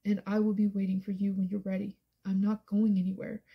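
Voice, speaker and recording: A woman's voice: medium pitch, little pitch movement, fairly quick, gravelly, breathy edge, muffled recording. A woman reading the part of a desperate, devoted young man, pleading earnestly.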